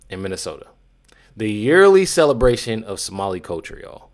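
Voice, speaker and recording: A man's voice: fairly low pitch, sing-song, brisk. Male vlog host, loose reaction commentary, repeats himself, casual slang. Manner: rambling, repeats himself, calls viewers y'all and bro. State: has the hiccups.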